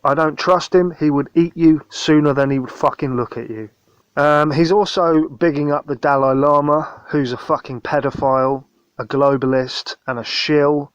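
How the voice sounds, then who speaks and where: A man hosting a vlog, ranting angrily and scornfully with lots of swearing, halting between phrases. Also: on the high side, fairly even intonation, no echo, highs cut off. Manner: angry, profane, scornful; halting, with fillers and restarts. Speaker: channel host.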